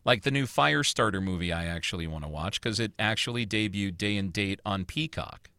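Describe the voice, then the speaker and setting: A man's voice: on the low side, a little fast, creaky, pushed and bright, no room sound, studio quality. A man hosting a casual chat show, ranting about what to watch in a loose, profane way. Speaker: podcast host.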